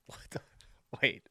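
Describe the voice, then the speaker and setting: A man hosting a reaction video, chatting casually in an amused tone with quick asides.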